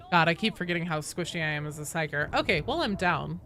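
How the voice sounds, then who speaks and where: A woman streaming a game, chatting casually with her players, joking, laughing, swearing, and yelling in bursts during fights. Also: deep voice, quick pace, few pauses, a little hiss or hum. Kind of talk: casual live-stream chat while playing.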